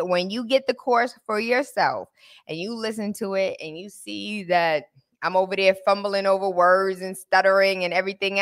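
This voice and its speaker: Woman host, casual chat, lively storytelling, slangy, medium pitch. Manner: animated storytelling, lots of laughter and slang.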